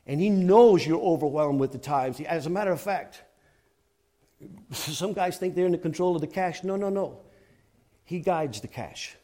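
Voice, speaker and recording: An Irish preacher with a notably high voice delivers a sermon. He tells anecdotes with rising excitement and laughter, then drops to a soft, earnest hush for his appeals. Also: normal speed. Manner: animated storytelling, swinging from loud and excited to hushed and earnest.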